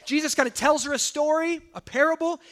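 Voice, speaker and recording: Male pastor, sermon delivery, very high pitched and bright, chatty with constant tag questions. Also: a little fast. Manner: conversational, peppers points with "right?" and "okay?".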